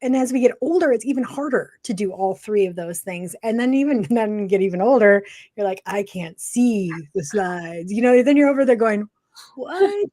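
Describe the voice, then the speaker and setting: Middle-aged woman, podcast co-host, casual chat, animated and chatty. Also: a little high, fairly quick, hardly any pauses. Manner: animated, chatty, laughs often.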